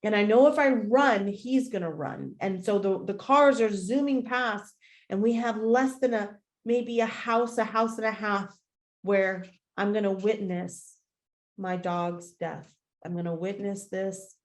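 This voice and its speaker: A woman hosting a podcast, telling a personal story in an animated, profane, casual way. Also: unhurried. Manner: animated, profane, swings into loud high-pitched retellings. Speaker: podcast host. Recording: roomy echo.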